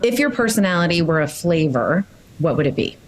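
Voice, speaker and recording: A woman's voice: on the low side, very animated, fairly quick, a little hiss or hum, low-quality recording. A woman hosting a podcast interview, asking upbeat questions and giggling often. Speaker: podcast host. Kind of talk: casual interview chat.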